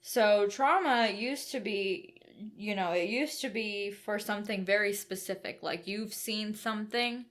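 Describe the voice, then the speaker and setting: A woman's voice: medium pitch, unhurried, hardly any pauses, fairly bright tone. A woman with a mid-range voice co-hosts a book discussion podcast. She lays out her ideas point by point, asks rhetorical questions and checks in with "right?" and "you know". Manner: explanatory, builds points step by step with "right?". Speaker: podcast co-host.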